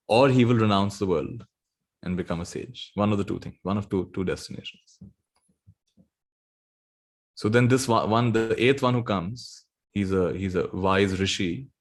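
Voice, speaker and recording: A man tells a spiritual story in a gentle, unhurried way. His voice sits on the low side, and he laughs easily as he speaks. It has the feel of a relaxed dharma talk. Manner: gentle, laughs often while telling stories. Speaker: spiritual teacher.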